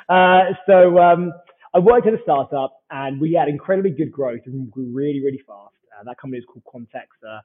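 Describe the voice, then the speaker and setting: A man's voice: fairly high pitch, a little fast, husky. British man telling stories over a thin line. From United Kingdom. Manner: animated anecdotal storyteller who acts out dialogue. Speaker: startup founder, podcast guest. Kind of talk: casual storytelling interview. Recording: tinny phone-like line.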